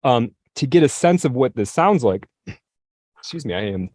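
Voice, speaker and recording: Podcast co-host, male, mid-pitched, dry studio sound, professorial and chatty. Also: very animated, a little mellow, no echo. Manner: lecturing, reads verse slowly, clears throat often. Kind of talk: casual chat, reading poems aloud.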